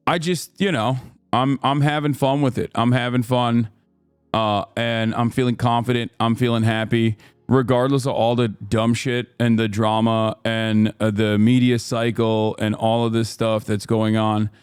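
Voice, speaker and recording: A man in his thirties hosts a livestream, chatting casually and rambling with plenty of swearing. He often drops into mock announcer openings. His smooth, clear voice is recorded dry and close. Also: medium pitch, flat delivery, measured pace, no echo, soft background music. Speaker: livestream host.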